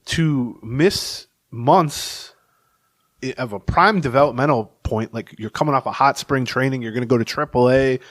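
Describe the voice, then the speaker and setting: A man's voice: mid-range voice, normal speed, a bit bright, dry recording. A man co-hosting a casual sports podcast talks in a mid-range voice, spinning long rambling anecdotes. The sound is close and dry, with no room around him. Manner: rambling anecdotal storyteller, chuckles while telling stories. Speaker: podcast co-host and beat reporter.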